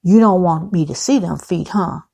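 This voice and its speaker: A woman's voice: on the low side, normal speed, gravelly, warm tone, breathy edge. A woman reading out the lines of a direct, flirtatious man at dinner, barely acting. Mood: flirty. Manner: plain read-out dialogue, barely acted.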